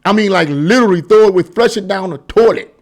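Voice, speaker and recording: A man's voice: high-pitched, fast talker. A man hosting his own commentary channel, delivering a heated, emphatic political rant with lots of repetition. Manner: mocking singsong asides.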